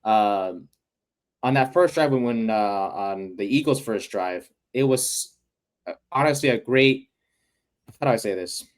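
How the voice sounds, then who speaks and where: Excitable male sports podcast co-host. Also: fairly low pitch, unhurried, long pauses. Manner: excitable, many fillers, bursts of loud enthusiasm. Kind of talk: casual sports chat.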